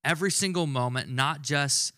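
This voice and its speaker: A man preaching a sermon with a bright, fairly high voice, chatty yet emphatic, stretching out key words for weight. The sound is dry and close, with no room echo. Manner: conversational, emphatic preaching with slowed stressed words. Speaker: pastor.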